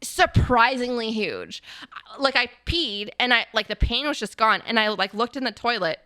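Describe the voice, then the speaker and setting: A young woman hosting a podcast, telling a story in casual chat, animated and profane, with lots of "like" fillers. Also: on the high side, moderate pace, dry recording. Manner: animated, acts out quotes in the story. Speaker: podcast host. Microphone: podcast mic.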